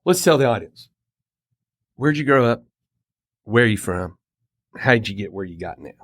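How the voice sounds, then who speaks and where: A man's voice: on the low side, moderate pace. Storytelling middle-aged man host. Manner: animated anecdote teller, acts out quoted dialogue. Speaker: podcast host. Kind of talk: casual storytelling chat. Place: Colorado home.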